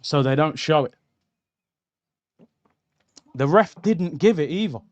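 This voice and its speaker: Live match watchalong commentary from a young man whose voice is a little high, slow, and lively in intonation, with lo-fi sound from his streaming mic. He reacts heatedly to the football and calls viewers lads and bro.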